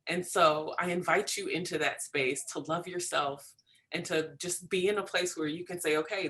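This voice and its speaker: A group facilitator with a bright, forward tone who speaks softly and affirmingly. The voice sits mid-range in pitch. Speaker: discussion facilitator. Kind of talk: supportive group discussion.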